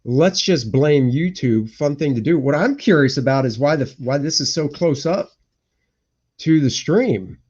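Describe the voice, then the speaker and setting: Slow-talking man rambling on a live stream. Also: a little high, lively intonation, darkish tone, slightly rough. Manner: rambling, grumbles and mutters to himself. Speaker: cartoonist hosting a live stream. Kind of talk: casual live-stream chat, thinking aloud. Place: indoor home room. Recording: dull lo-fi stream audio.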